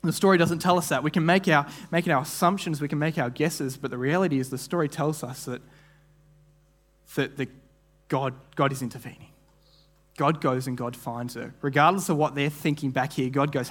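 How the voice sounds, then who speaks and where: Earnest man preaching, somewhat high voice. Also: steady tone, a bit bright. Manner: earnest, repeats words as he restarts phrases; acts out imagined voices in quick asides. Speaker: guest preacher. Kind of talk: sermon.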